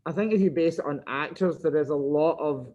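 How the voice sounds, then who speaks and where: A man's voice: on the high side, fairly quick, darkish tone, muffled recording. A Scottish man, a teacher, chatting casually on a video call with dry humor and lots of thinking aloud. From Scotland.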